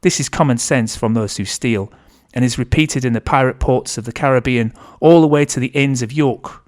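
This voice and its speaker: An author reading his own novel aloud in a steady, measured narrating voice. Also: medium pitch.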